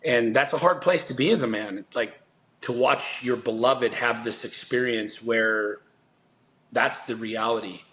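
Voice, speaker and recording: A man's voice: medium pitch, unhurried, a bit bright, poor audio. Earnest man telling a story. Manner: earnest and intense, frequent swearing and restarts. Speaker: podcast guest. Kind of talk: storytelling in conversation.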